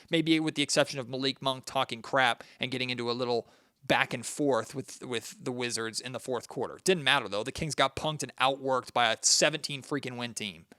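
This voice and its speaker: A man's voice: medium pitch, bright, forceful tone, clear, resonant tone, no echo, clean studio sound. A man hosting a solo sports podcast, venting his frustration and talking straight to his listeners. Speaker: podcast host.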